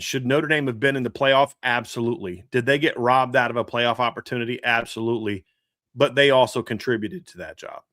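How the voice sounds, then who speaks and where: A man's voice: mid-range voice, bright, forceful tone, dry recording, studio quality. A man from the American South chatting casually as a sports podcast co-host, rambling with frequent restarts. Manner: rambling, restarts, laughs often.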